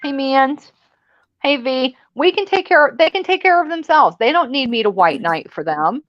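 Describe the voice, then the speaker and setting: A bossy, blunt woman chatting on a livestream panel and name-calling freely. Her voice sits at a middle pitch and comes through dull and lo-fi. The sound is dry, with no room around it. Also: animated, normal speed, no room sound. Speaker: panel co-host. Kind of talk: casual livestream chat.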